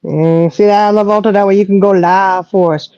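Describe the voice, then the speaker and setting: A middle-aged woman, chatting on a livestream and telling stories with animated quoting. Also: mid-range voice, a little fast, smooth, no echo. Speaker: co-host. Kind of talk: casual chat on a livestream. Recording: dull lo-fi audio.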